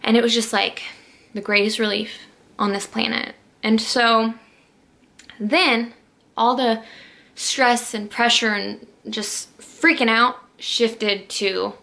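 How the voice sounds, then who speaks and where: The young adult vlogger's voice is fairly high, gravelly, bright, and forceful, with fairly even intonation; she speaks slowly and pauses often. Telling a personal story to camera, she gets emotional and rambles, restarting frequently and using "like" a lot.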